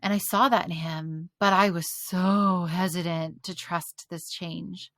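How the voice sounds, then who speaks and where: A woman telling a personal faith story as a podcast guest, animated and laughing often between lines. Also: fairly low pitch, measured pace, no room sound. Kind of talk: casual faith testimony.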